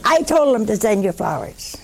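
A woman giving a storytelling sermon, folksy and humorous, slow and emphatic. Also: mid-range voice, sing-song, vocal fry, heavy background noise. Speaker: religious preacher.

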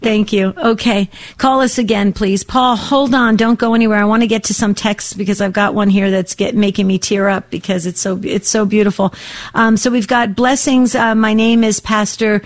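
Older woman, call-in radio host, warm and emotional, rambling with fillers, mid pitch. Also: steady tone, normal speed.

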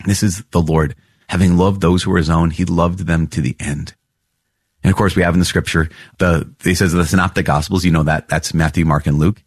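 A man hosting a podcast, reading and reflecting on catechism paragraphs with earnest, animated storytelling. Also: deep voice, fairly quick, husky, no echo. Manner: earnest, animated storytelling with laughs and repeated phrases. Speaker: priest podcast host.

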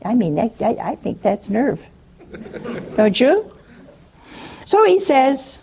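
A woman's voice: on the high side, sing-song, takes it slowly, creaky, pauses often, dark tone. A woman preaching on scripture in a chatty, teasing way, acting out quotes and chuckling often. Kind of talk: humorous scripture teaching.

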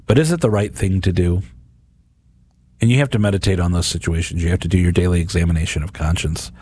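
A man's voice: low voice, fast talker, darkish tone, breathy edge. A middle-aged man hosting a radio reflection on scripture, talking earnestly and conversationally with frequent restarts. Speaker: radio host. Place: radio studio.

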